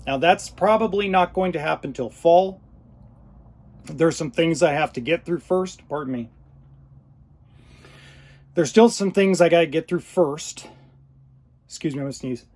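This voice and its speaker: A man hosting his own podcast, talking unscripted, choked up and pausing often. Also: a little high, darkish tone. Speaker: podcast host. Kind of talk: unscripted solo podcast talk.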